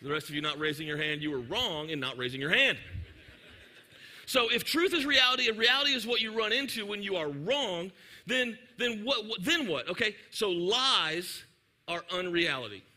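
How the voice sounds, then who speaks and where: Animated, bright-voiced preacher. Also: male voice, sits high, moderate pace. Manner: animated, joking, talks directly to the audience. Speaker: pastor. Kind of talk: sermon storytelling.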